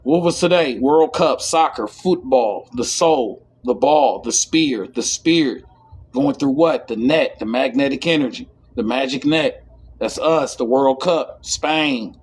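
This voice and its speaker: A man's voice: medium pitch, unhurried, slightly rough. A man giving rambling, profane esoteric commentary, reading passages aloud between joking outbursts and mutters. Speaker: channel host.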